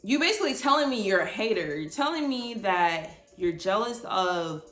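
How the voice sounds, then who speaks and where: A young woman in her twenties telling a casual storytime, animated and blunt, swearing freely. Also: medium pitch, moderate pace, reverberant, faint music behind. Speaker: vlogger.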